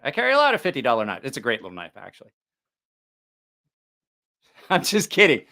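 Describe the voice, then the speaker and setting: A man's voice: medium pitch, big pitch swings, fairly quick, pauses often, sharp tone. A man hosting a casual livestream about knives, joking, teasing viewers and laughing often. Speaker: knife channel host.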